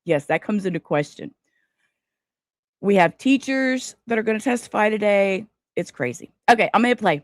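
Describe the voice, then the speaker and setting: A woman's voice: mid-range voice, lively intonation, moderate pace, dry recording, clean studio sound. A woman hosting a live stream in casual chat, rambling and losing her words. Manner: scattered, rambling, self-interrupting. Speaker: livestream host.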